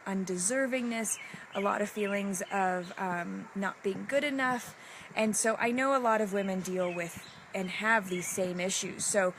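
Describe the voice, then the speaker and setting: A woman giving a live-streamed motivational talk to her group, emotional and halting, often repeating herself. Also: mid-range voice, noisy background. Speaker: women's group leader.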